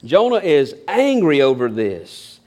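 A man delivers a sermon, animated and folksy, with a slightly raised pitch for a man. He mixes humor with scripture and swings from big, lively stretches to quiet asides. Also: slow pace. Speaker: pastor.

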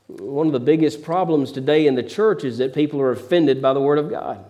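Middle-aged preacher man, folksy storytelling sermon, mellow tone, kinda high. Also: a little fast. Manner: preachy storytelling, repeats words when excited. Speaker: pastor.

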